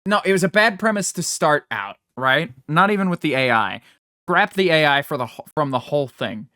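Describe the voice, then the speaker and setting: A man's voice: a little high, expressive, fairly quick, pushed and bright, no room sound, clean studio sound. A man co-hosting a podcast in casual chat, rambling and swearing freely, laughing often. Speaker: podcast co-host.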